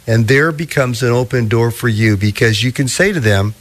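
A man preaching a sermon, teaching through a scripture passage with slow, deliberate emphasis. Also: mid-range voice. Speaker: pastor.

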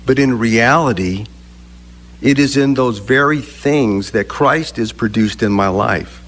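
A man preaching a sermon, speaking deliberately with emphatic pauses between phrases. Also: mid-range voice, a bit bright. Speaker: pastor.

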